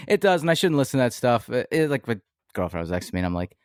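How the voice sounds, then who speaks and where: A man, a musician guest on a casual podcast, speaking in a self-deprecating way with frequent laughs and halting restarts. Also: mid-range voice, very animated, no echo, clean studio sound. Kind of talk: casual interview chat.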